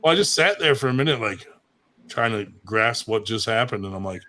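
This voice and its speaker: A man's voice: on the low side, lively intonation, a little fast, pushed and bright. Crude, laughing storyteller man. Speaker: show regular. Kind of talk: casual chat, storytelling.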